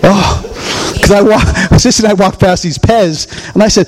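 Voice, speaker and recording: A man preaching a chatty, conversational sermon as pastor in a church, swinging into high voices for quotes and asides. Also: moderate pace, few pauses. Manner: animated, chatty, jumps to high voice for quotes and jokes. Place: church sanctuary.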